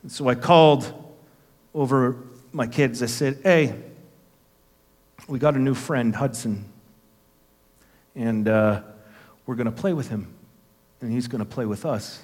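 A man's voice: medium pitch, a little slow, pauses often, darkish tone. Middle-range man in his fifties, pastor delivering an earnest storytelling sermon, church hall with long reverb. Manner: storytelling, acting out quoted voices, earnest. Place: church sanctuary.

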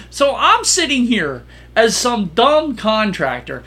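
This high-voiced man keeps a measured pace with few pauses as he co-hosts a casual podcast. He tells stories with real animation, acting out the people he quotes.

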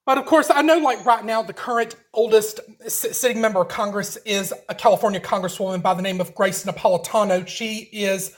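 A woman's voice: medium pitch, a little fast, few pauses. A woman co-hosting a podcast in casual chat, hesitant and full of fillers. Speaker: podcast co-host.

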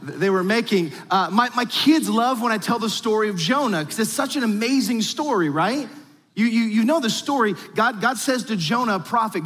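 A man with a high, husky voice preaches to his church, telling stories with lively, animated energy. He often doubles up words as he gets going. His voice carries a long reverb from a large church hall. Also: brisk. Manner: animated storytelling, repeats words when starting phrases. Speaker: pastor. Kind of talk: sermon.

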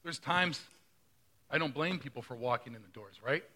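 Bright-voiced conversational male pastor. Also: medium pitch, animated, normal speed. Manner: conversational, asks the congregation questions. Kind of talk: sermon.

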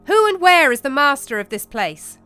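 A woman voicing a young male knight, frightened but resolute, raising a strained voice to keep it steady. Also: high-pitched, normal speed, faint music behind. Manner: strained, raised voice holding steady.

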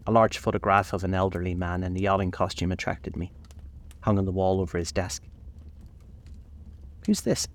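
A man narrating a classic novel in a measured, reflective reading, slowing on key passages. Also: deep voice, flat delivery.

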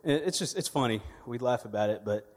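A man's voice: medium pitch, animated, fairly quick, big-room sound. A man, delivering a sermon as a church media director, conversational and humorous with storytelling. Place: church sanctuary.

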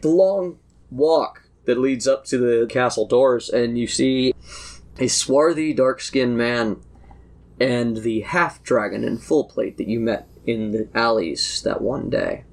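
A man narrating as game master in a casual tabletop session, talking quickly with restarts. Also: medium pitch. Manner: quick, restarting, laughs often.

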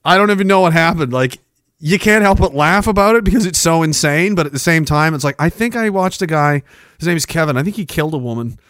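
A Canadian man in his forties, a podcast host telling wild stories in a profane, animated way, laughing often. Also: on the high side, fast, dry recording, clean studio sound. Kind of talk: casual storytelling.

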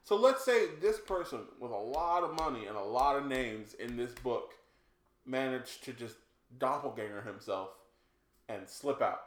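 A man's voice: mid-range voice, animated, unhurried. A man co-hosting a casual chat, swearing freely and spinning speculative theories. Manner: speculative, reads out news quotes, swears casually. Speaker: podcast co-host. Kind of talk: casual banter. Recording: echoey room.

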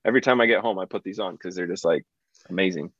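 Laid-back low-voiced man, dry dull sound. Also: fast, fairly bright tone, breathy edge, dry recording. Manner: laid-back, loose, full of "like". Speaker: podcast participant. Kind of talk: casual podcast chat.

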